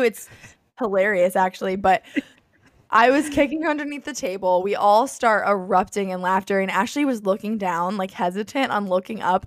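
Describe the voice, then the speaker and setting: A woman's voice: mid-range voice, no echo, studio quality. A woman co-hosting a podcast in a bubbly casual chat, often breaking into laughter. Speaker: podcast co-host.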